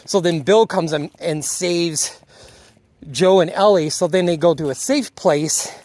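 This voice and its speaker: A casual, rambling voice recaps a TV episode, slipping into the characters' lines as it goes and now and then losing the thread. The pitch sits in an ordinary middle range. The sound is dry and close, with no room echo. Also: unhurried, a little mellow. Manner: loose storytelling, acting out characters' lines; drifts and loses the thread. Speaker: video reviewer.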